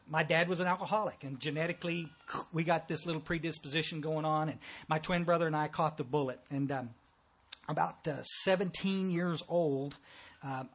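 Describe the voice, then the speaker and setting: A man's voice: sits high, bright, forceful tone, breathy edge. A man with a thick Texas accent giving a blunt, folksy, joking talk at a recovery meeting.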